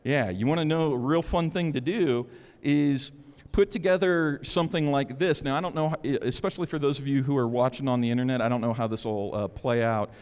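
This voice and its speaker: A man's voice: medium pitch, a little fast, darkish tone, smooth. A man giving a security conference talk in an informal, joking way. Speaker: conference speaker. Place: conference hall. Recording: long hall reverb.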